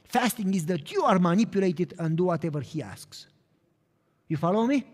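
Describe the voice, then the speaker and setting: A pastor preaching a sermon, earnest, moving between emphatic lines and hushed, quiet passages. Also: male voice, sits high, lively intonation, moderate pace. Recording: echoey hall with long reverb.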